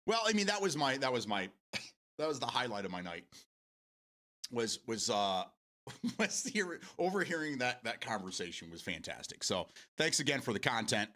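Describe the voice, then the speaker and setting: A man's voice: medium pitch, big pitch swings, moderate pace, sharp tone. A man hosting a casual morning gaming talk show from his home setup, rambling with lots of restarts, swearing freely and laughing often. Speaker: show host.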